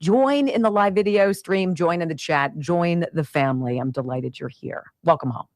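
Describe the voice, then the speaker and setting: A woman's voice: on the low side, moderate pace, no room sound. A woman hosting a talk radio show, delivering an upbeat, emphatic, folksy monologue.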